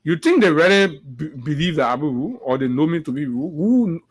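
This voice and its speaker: A man's voice: fairly high pitch, animated, normal speed, slightly rough. A man with a Liberian English accent hosting a morning show, giving impassioned political commentary and repeating phrases for emphasis.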